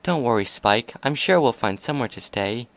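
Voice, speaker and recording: A man's voice: mid-range voice, animated, normal speed, dry recording, close to an everyday voice. A man reading aloud and voicing a courteous, slightly nervous young female unicorn pony. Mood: reassuring.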